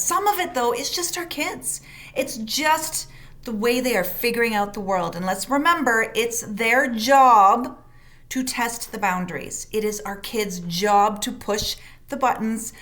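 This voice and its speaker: A woman with a slightly high voice leads a parenting course session. She talks in an encouraging, expressive way, speeding up in quick bursts and leaning hard on key words. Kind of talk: recorded course session, teaching.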